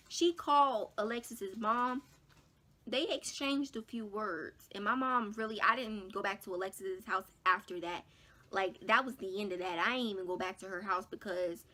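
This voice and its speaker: A young woman vlogger tells a story straight to her viewers in a casual, slangy way. Her voice sits a little high and sounds bright and forceful. Her delivery is animated and dramatic, with big jumps in pitch and loudness. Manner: casual slangy talk, addresses viewers as y'all. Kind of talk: storytime vlog.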